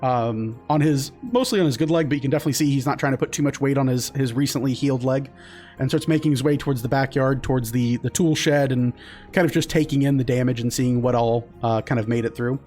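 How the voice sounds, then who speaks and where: A man's voice: medium pitch, fast, darkish tone, faint music behind. A man narrating as game master in a loose, casual way with many fillers.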